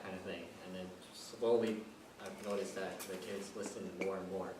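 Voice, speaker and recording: A man's voice: sits low, flat delivery, normal speed. A man giving a chatty impromptu speech at a club meeting, telling a personal story. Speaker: club speaker. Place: meeting room. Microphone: distant room mic. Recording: echoey room, far off, noisy.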